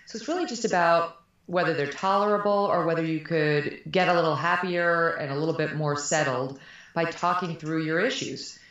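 The high frequencies are cut off in this very echoey recording of a middle-aged woman with a low-pitched, fairly bright voice at normal speed. A frank, animated interview guest, she laughs often throughout the candid conversation.

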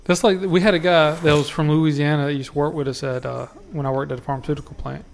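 A man's voice: on the high side, flat delivery, fast, vocal fry. A man, co-hosting a casual podcast in an easygoing way and wrapping up the show. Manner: easygoing, laughing, brief replies. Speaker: podcast co-host. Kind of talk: casual chat among friends.

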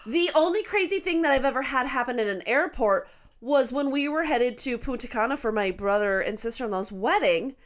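High-voiced woman cohost, super lively, jumps up and down a lot, chatty. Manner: reacts with quick interjections and laughter, expressive. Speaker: podcast co-host. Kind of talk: casual chat.

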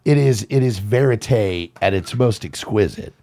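A man hosting a casual film chat, an animated storyteller who swears and laughs often. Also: on the low side, unhurried. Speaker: podcast host.

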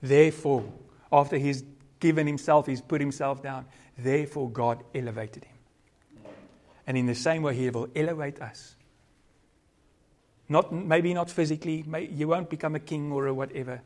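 A man pastor with a South African accent, preaching a sermon with earnest, varied loudness and closing in prayer. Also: on the high side, fairly even intonation, moderate pace.

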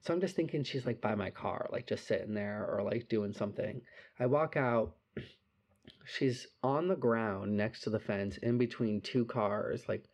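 In casual chat, a young man animatedly recounts a drunken night out, peppering it with "like" and swearing. His voice is on the low side and his pace moderate.

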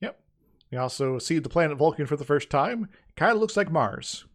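A man's voice: fairly high pitch, animated, a little fast. Hesitant man co-hosting a podcast. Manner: hesitant, many uhs and restarts, chuckles often. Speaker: podcast co-host. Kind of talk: casual podcast discussion.

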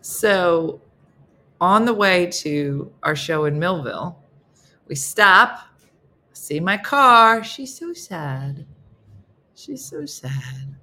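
A woman chatting on a morning show, telling a story with lots of energy. Her voice is bright and clear. She jumps up high when she acts out each side of a phone call. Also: extremely slow, long pauses. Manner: animated, acts out both sides of phone calls with big pitch jumps. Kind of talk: casual storytelling chat.

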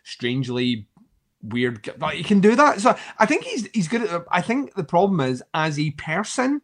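A man in a loose, casual chat about films, rambling through his thoughts. He breaks into laughter often and swears freely. His voice sits slightly high. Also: sing-song, moderate pace, fairly bright tone.

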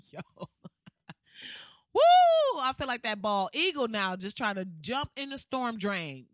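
Animated woman ranting with sass. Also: fairly high pitch, unhurried, dry recording, clean studio sound. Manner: animated, profane, laughs often, acts out quotes. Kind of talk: casual comedic rant.

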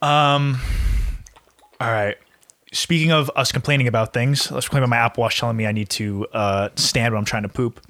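A man's voice: medium pitch, steady tone, brisk, fairly bright tone, no room sound. A young man co-hosting a casual podcast, ranting animatedly, swearing freely and laughing often. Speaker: podcast co-host.

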